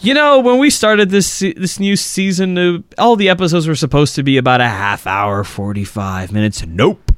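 A man's voice: on the high side, moderate pace, few pauses, fairly bright tone, clear, resonant tone, dry recording, studio quality. A male podcast host wrapping up the episode in a chatty, laughing way. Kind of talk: casual podcast wrap-up.

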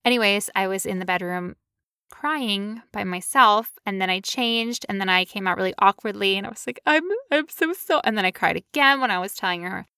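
A woman co-hosting a podcast, telling a story in casual chat with animated, playful quoted voices. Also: medium pitch, a little fast, clear, resonant tone, no room sound, clean studio sound. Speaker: podcast co-host.

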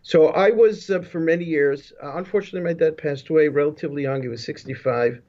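Quick and fairly high-pitched, a man rambles through his life story as an interview guest over a remote video call, restarting often and adding asides. He is a business leadership consultant, and the call audio is dull and lo-fi.

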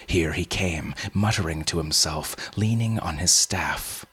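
Deep husky slow male storyteller. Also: fairly bright tone. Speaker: story reader. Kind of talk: scripted fantasy narration.

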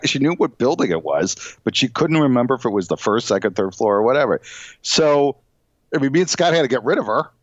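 Lively rambling male podcast host. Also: mid-range voice, no echo, highs cut off. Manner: rambling, laughing, animated storyteller. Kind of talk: casual chat, reading news stories aloud.

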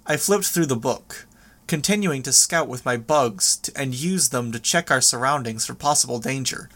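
A man narrates a first-person audiobook at a steady, measured pace. His voice sits in an ordinary middle pitch, calm and even throughout the telling.

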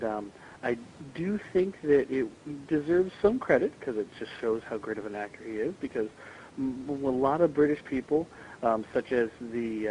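A man's voice: mid-range voice, darkish tone, slight background noise, low-quality recording. A man calling in to a podcast with a recorded voice message, rambling and full of ums and restarts.

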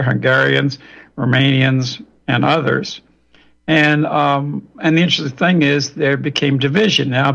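A man's voice: mid-range voice, gravelly, fairly bright tone. A man, a guest on a radio interview, lecturing in a long, digressive way with frequent restarts over a remote line. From Louisiana, US. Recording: dull lo-fi radio audio.

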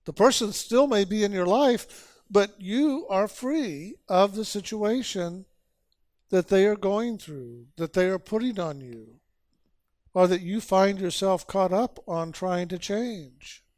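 A man's voice: high voice, a little mellow, dry recording, clean studio sound. A man giving a spiritual sermon as a teacher, urging listeners with repeated phrases and rhetorical questions. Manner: slow, repetitive exhortation with rhetorical questions.

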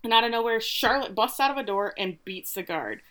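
A woman co-hosting a casual podcast, retelling a TV episode with lively quotes of the characters. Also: a little high, fairly quick. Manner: animated retelling, quoting characters with playful voices. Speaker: podcast co-host recapping a TV episode. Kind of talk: casual chat.

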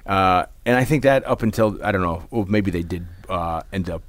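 Speaking in a low voice at moderate pace, with no room sound at all, a man chats on a podcast he co-hosts. He meanders casually, often restarting and filling gaps with fillers.

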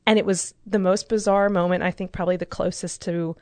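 A woman's voice: mid-range voice, steady tone, brisk, darkish tone, no echo. A woman in her thirties telling a personal story in a casual group discussion, candid and emotional. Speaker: discussion participant.

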